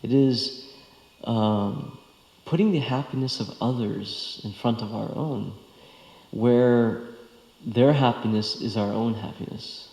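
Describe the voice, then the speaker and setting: In a temple hall, a man gives a devotional lecture on scripture, halting often and filling gaps with fillers and restarts. His voice sits at medium pitch, creaky with a darkish tone.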